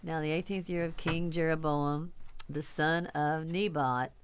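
A woman on a radio trivia show who chats, laughs between sentences and reads Bible verses haltingly. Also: sits low, fairly even intonation, slight background noise. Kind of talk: casual radio chat and scripture reading.

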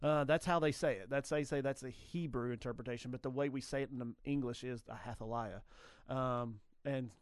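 A man's voice: medium pitch, fairly even intonation, fairly quick, clear, resonant tone, no room sound, studio quality. A man hosting a radio trivia show in a casual, rambling way, often correcting himself and laughing.

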